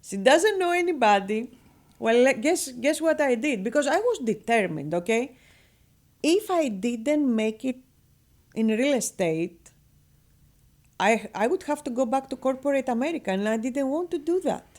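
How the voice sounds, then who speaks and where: A woman with a Greek accent, a guest on a radio interview, telling her business story in a lively, chatty way and laughing often. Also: high-pitched, normal speed. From Greece. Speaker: guest, real estate broker.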